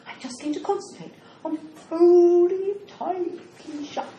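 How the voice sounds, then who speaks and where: A woman's voice: very high voice, very animated, slow pace, a little mellow, slight background noise, voice pushed up, exaggerated voice. A woman acting out a confused elderly woman with dementia in a care home, stammering and panicky. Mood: withdrawn. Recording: roomy echo.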